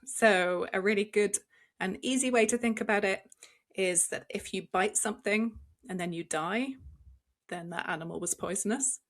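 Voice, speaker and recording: Woman, zoologist co-host, measured clear explaining, mid pitch. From United Kingdom. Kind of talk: explaining facts in a podcast.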